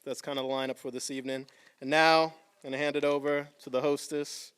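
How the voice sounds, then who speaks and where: Bright-voiced male emcee rousing the crowd. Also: medium pitch, fast talker, clean tone. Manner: casual, energetic crowd-rousing. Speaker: event host. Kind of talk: live emcee announcements.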